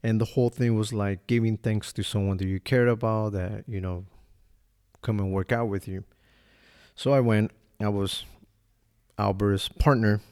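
A man's voice: on the low side, steady tone, normal speed, long pauses, darkish tone, smooth. A man hosting a podcast, telling a personal story in a casual, profane, laid-back way and acting out what people said. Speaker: podcast host.

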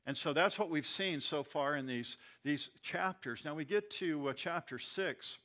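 A man's voice: a little high, measured pace, bright, forceful tone. A man who is a pastor leading a Bible study, often repeating words and restarting phrases as he explains.

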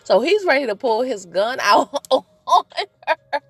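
A woman's voice: on the high side, sing-song, normal speed, husky, dry recording. A woman hosting her own podcast in a playful, chatty way, talking straight to her listeners and laughing often. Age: adult, married. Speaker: podcast host. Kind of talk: casual solo podcast chat.

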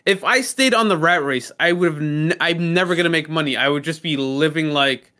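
A man's voice: a little high, normal speed, sharp tone. A young man co-hosting a podcast in casual chat, ranting with heavy swearing and emphasis. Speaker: podcast co-host.

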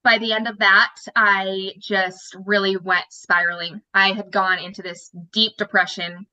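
Candid young woman with a bright voice. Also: medium pitch, level tone, unhurried, lo-fi sound. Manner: emotional, candid, with many restarts. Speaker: guest. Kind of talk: personal storytelling.

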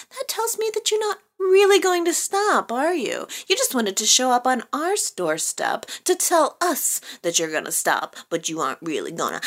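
A woman's voice: on the high side, wildly swooping pitch, normal speed, few pauses, fairly bright tone. A woman hosting a soap opera chat show, talking casually to her viewers with a chatty, teasing manner and frequent laughs. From American Midwest and Texas. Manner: chatty, laughs often, playful teasing asides.

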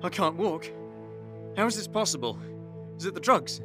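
A woman's voice: on the low side, expressive, moderate pace, music in the background, natural voice. Woman doing a nervous, drugged young man. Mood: confused.

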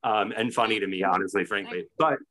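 A man's voice: lowish voice, fairly quick, sharp tone. A man co-hosting a podcast, telling a story in casual chat with many restarts. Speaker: podcast co-host.

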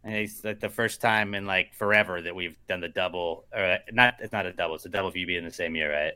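A man's voice: deep voice, fairly even intonation, quick pace, sharp tone, clean tone. A man co-hosting a casual podcast chat, ranting and rambling with lots of fillers. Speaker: podcast co-host.

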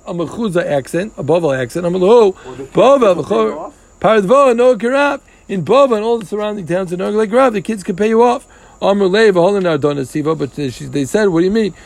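A man with a high, gravelly voice leads a relaxed Talmud class. He explains each step patiently, drops Hebrew and Aramaic terms into his English and jokes with the students. The recording picks up the group around him. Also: brisk. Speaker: Talmud teacher. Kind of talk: casual Gemara class.

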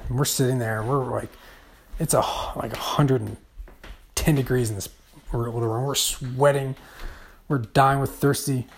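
A man's voice: mid-range voice, a little hiss or hum. A man hosting a podcast, telling a travel story in a wry, rambling monologue full of fillers. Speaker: podcast host.

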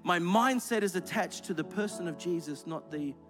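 A man with a high voice preaches in a large church auditorium, pressing his points with emphatic repetition. Music plays clearly beneath him throughout the recording. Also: normal speed. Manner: rising, emphatic preaching with repeated phrases. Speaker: executive pastor. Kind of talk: sermon with closing prayer. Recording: clear music playing under the voice.

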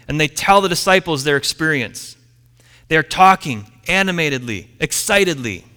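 A man's voice: on the high side, clean tone. Man preaching in a reverberant hall. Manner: storytelling, dramatic pauses, trailing off quietly at line ends. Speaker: pastor. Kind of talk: sermon.

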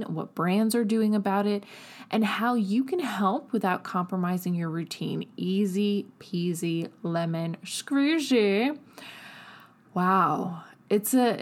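A woman hosting her own podcast in a chatty, upbeat monologue, recorded while traveling away from a studio. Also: fairly low pitch. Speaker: podcast host.

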